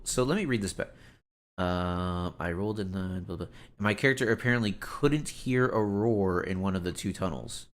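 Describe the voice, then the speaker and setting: Low-voiced man ranting on a live stream. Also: moderate pace. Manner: animated, exasperated and rambling, with lots of "like". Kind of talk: casual live-stream commentary.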